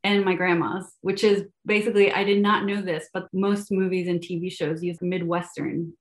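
A woman's voice: fairly low pitch, flat delivery, normal speed. Chatty young woman, Spanish speaker. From Venezuela. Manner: chatty, many fillers and restarts, laughs often. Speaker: guest, math educator. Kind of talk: casual podcast interview.

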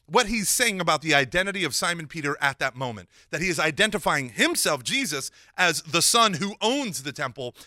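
A man giving a lively Catholic teaching talk, mixing casual slang with scripture and acting out the dialogue he retells. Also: fairly high pitch, fairly quick, few pauses, dry recording, clean studio sound. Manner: animated, acts out quoted dialogue.

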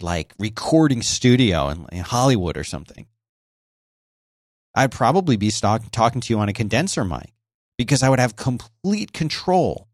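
A man with a medium-pitched voice hosts a casual solo podcast, explaining things conversationally and restarting his sentences often. The recording has no room sound, captured on a close dynamic microphone with a noise gate. He works from a home office beside a busy highway.

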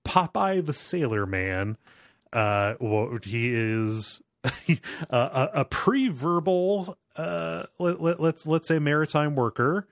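A man's voice: mid-range voice, animated, takes it slowly, vocal fry, a bit bright, no room sound, clean studio sound. An American man co-hosting a podcast in casual chat, often restarting his sentences. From United States. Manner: hesitant, stammering restarts. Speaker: podcast co-host.

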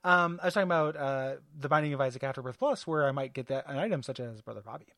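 A man's voice: mid-range voice, lively intonation, fast, pushed and bright, no room sound, studio quality. A man co-hosting a podcast in casual chat, hesitant and full of fillers, laughing easily. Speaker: podcast co-host.

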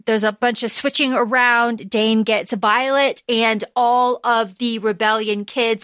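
A woman's voice: on the high side, a bit bright, no echo, studio quality. A woman co-hosting a podcast, chatting casually about a book and reading out quotes between filler ums. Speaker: podcast co-host.

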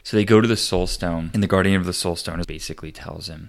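A man's voice: low-pitched, quick pace, vocal fry. A man co-hosting a podcast, retelling a film scene in casual chat, full of "like" fillers and quoted lines. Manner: animated retelling, many "like" fillers, quoting characters. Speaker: podcast co-host.

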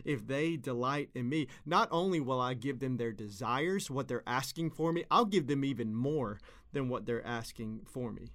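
Pastor, male, 30s, earnest and conversational, repeats phrases for emphasis, mid-pitched. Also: moderate pace, a bit bright. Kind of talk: devotional sermon.

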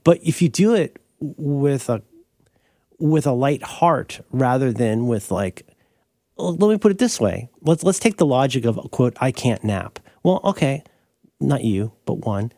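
A podcast co-host talks in an unhurried way, recorded dry with studio quality. He chats casually, rambling and correcting himself as he explains an idea, his pitch jumping animatedly.

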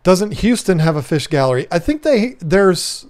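A man's voice: high voice, big pitch swings, moderate pace, darkish tone. A man hosting a casual live stream, rambling and joking while he reads out viewer comments. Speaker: livestream host.

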